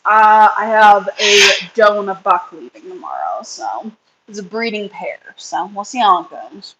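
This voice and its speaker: A woman's voice: on the high side, pushed and bright, slight background noise, poor audio. A woman in her thirties hosting a casual livestream chat, rambling and reading comments while feeding her kids. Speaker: livestream host and rabbit breeder.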